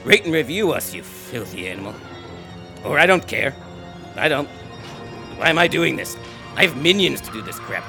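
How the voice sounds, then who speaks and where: A man's voice: fairly high pitch, very animated, normal speed, gravelly, long pauses. A man voicing a crude, bossy male devil reading a podcast outro over music. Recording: music bed behind the voice.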